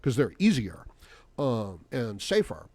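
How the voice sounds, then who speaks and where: Male solo podcaster with a middle pitch, rambling and swearing, recorded dry and close. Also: very animated, takes it slowly, mellow, no echo. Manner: rambling and profane, full of "you know" fillers. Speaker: podcast host.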